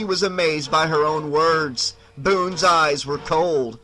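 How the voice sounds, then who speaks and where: Slow, bright-voiced male horror narrator. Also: on the high side, faint music behind, poor audio. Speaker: audiobook narrator.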